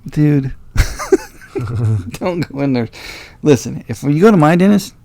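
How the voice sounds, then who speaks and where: A man's voice: on the high side, lively intonation, takes it slowly, gravelly, mellow, no echo. A man co-hosting a casual comedy podcast, telling rambling stories and acting out the people in them. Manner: rambling storyteller, acts out quoted people. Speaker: podcast co-host.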